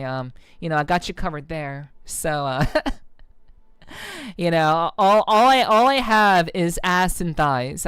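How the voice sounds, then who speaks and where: A woman's voice: on the low side, clean tone, no echo. A woman streamer chatting casually with her viewers, rambling with many fillers and restarts and swearing freely. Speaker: VTuber streamer. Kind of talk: casual stream chat reading comments.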